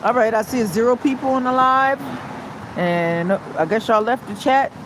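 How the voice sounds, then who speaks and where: A woman hosting a casual livestream from outdoors in the cold, greeting viewers and talking in a loud, profane, chatty way. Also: a little high, moderate pace. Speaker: livestream host. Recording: outdoor street noise behind.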